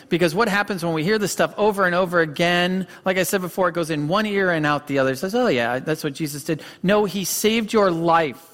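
Earnest pastor with a fairly high voice. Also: male voice, fairly bright tone. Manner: earnest storytelling, emphatic repetition. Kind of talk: sermon. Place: church sanctuary. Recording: long hall reverb.

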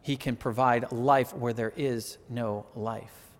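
A man preaching a sermon, animated and conversational, often asking "right?" and building to emphatic peaks. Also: medium pitch, takes it slowly, in a large hall. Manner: conversational, asks the audience "right?".

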